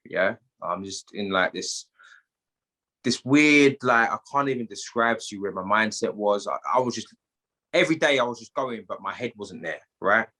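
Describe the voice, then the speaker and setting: A British man with a London accent tells a personal story as a podcast guest, animated and full of street slang. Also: lowish voice, normal speed. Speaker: guest, gym owner.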